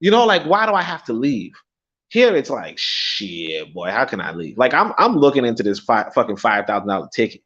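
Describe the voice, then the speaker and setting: A man's voice: mid-range voice, sing-song, brisk, fairly bright tone, lo-fi sound. A man telling a story in a casual, profane vlog outdoors, laughing and swearing as he goes. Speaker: vlogger. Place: outdoors in the sun.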